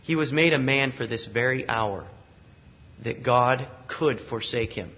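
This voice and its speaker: A man's voice: mid-range voice, measured pace. Earnest male preacher, dull lo-fi sound. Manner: earnest, building emphasis with repeated phrases. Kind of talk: sermon. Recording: slightly dull lo-fi recording.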